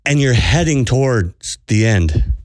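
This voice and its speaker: A man hosts a podcast as a spiritual coach, preaching earnestly and urgently to listeners and repeating phrases for emphasis. His mid-range voice is unhurried with lively intonation, recorded dry with clean studio sound.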